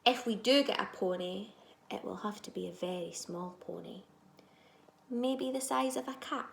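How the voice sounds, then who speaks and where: A woman teacher reading a children's storybook aloud, expressive, moving between soft asides and loud moments. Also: mid-range voice, normal speed, vocal fry, roomy sound, a little hiss or hum.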